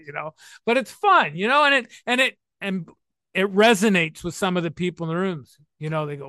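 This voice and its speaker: A man in his sixties with a high, bright, forceful voice, recorded dry and close. He speaks about recovery in a playful, emphatic, animated way. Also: a little fast, no echo. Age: 60s. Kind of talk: talk to listeners on recovery.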